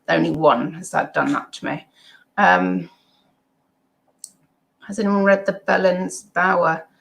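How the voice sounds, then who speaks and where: A woman's voice: low-pitched, gravelly, fairly bright tone. A middle-aged woman, hosting a casual live stream at home, reading chat comments and rambling with many ums and asides.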